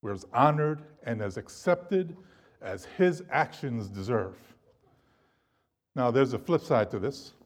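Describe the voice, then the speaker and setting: A man preaching a sermon to a congregation, animated and emphatic, his loudness rising and falling. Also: medium pitch, slow pace. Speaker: pastor.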